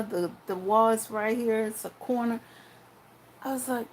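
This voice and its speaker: A woman's voice: a little high, steady tone, a little slow, a little mellow, slight background noise, rough recording. A young woman telling a personal story in a frank, rambling, profane way, full of restarts and asides.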